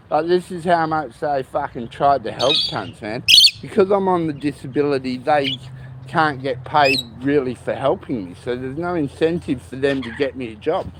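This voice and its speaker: A man's voice: medium pitch, moderate pace, very noisy. A man in his forties with an Australian accent, venting at home in a bitter, heavily profane rant. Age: 40s. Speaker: vlogger. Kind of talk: venting monologue. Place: at home with a pet lorikeet. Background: a squawking pet bird.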